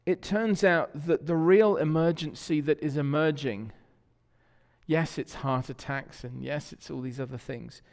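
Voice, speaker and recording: A man's voice: fairly high pitch, a little slow, vocal fry, a little mellow. A man with an English accent preaching a sermon in a church, telling stories in a conversational way and asking the congregation questions. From England. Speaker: pastor. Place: church sanctuary. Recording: long church reverb.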